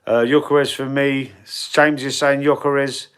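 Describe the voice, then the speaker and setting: A man's voice: mid-range voice, flat delivery, measured pace, a bit bright, clear, resonant tone. A man with a Cockney accent, hosting a casual live stream as a football fan, reading chat and rambling in a laid-back, slangy way. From England. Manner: chatty, rambling, repeats words and restarts. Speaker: football fan livestream host.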